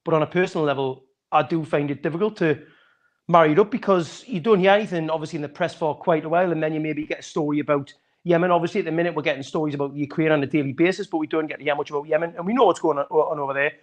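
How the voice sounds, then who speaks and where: A middle-aged man speaking quickly in a slightly raised voice. He thinks out loud in long, rambling sentences and answers openly. He is heard over a video call. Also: a little high. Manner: candid, reflective, talks in long rambling sentences. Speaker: guest from a fan podcast. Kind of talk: podcast interview answer.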